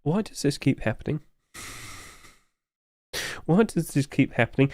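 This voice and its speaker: Chatty streamer man with a higher voice. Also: animated, unhurried, pauses often, a little mellow, dry recording, studio quality. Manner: chatty, jokey, answers chat and laughs often. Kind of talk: casual live-stream chat.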